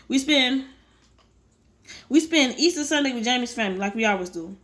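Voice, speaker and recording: A woman reads a novel aloud in a fairly high voice. She often trips over a word and starts it again. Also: animated, normal speed, a bit bright. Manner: stumbling, rereading words. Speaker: audiobook reader.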